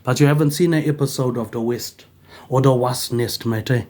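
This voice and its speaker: A man, giving a rambling monologue and tagging almost every phrase with "mate, eh", which he says more softly. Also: mid-range voice, normal speed. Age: 40s. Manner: tags nearly every phrase with "mate, eh", trailing off softer. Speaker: vlogger.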